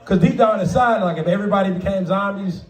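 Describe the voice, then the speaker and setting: Brief: high-pitched male stand-up comic, profane and laughing, recorded from a distance. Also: fast, roomy sound. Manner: profane, laughing, acts out quoted voices. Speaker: stand-up comedian. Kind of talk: stand-up comedy set. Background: audience laughter.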